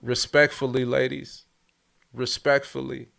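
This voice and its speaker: A man hosting a casual interview podcast who hypes up his guest and gets loud and excitable. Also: medium pitch, a little slow, vocal fry. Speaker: podcast host.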